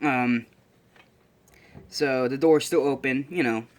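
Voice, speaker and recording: A man's voice: medium pitch, takes it slowly. Young man, casual storytelling, rambling, self-correcting, plenty of fillers. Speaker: fan storyteller. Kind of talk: casual recap of a fan story idea.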